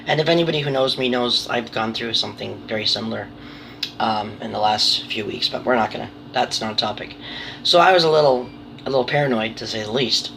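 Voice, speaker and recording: A woman's voice: a bass voice, a little fast, vocal fry, fairly bright tone, slight background noise. Rambling, nervous woman vlogging. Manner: rambling and self-deprecating, swears casually; nervous, apologetic. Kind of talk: casual chat to camera.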